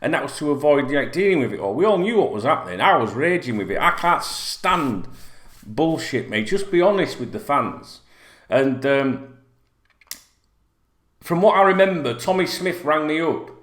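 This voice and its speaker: A man's voice: a little high, animated, moderate pace, a bit bright. Blunt, sweary middle-aged man ranting. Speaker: football fan channel host. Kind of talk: casual rant to camera. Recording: roomy echo.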